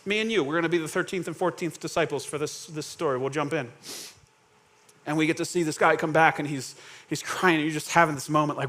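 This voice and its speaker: Speaking quickly in a voice that's a little high and a bit bright, this pastor keeps his sermon conversational. He poses questions to the congregation and performs quoted voices as he acts out scenes.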